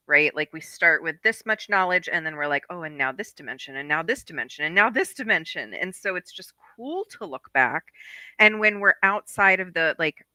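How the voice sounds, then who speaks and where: Bright, excited spiritual guide woman. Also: deep voice, dry recording. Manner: excited, effusive. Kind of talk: casual podcast conversation.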